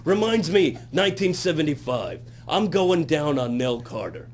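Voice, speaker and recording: A man's voice: on the high side, sing-song, moderate pace, heavy background noise. A man playing a sleazy old-time comic who brags crudely, in raunchy roast banter. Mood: boastful. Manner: brash, crude, self-interrupting with laughs. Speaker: guest comic character. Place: strip club, via satellite.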